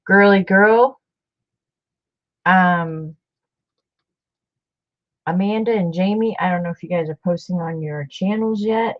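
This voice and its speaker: Hosting a casual craft livestream, a woman chats warmly and rambles, repeating herself as she works. Her voice is on the low side, and the high frequencies are cut off.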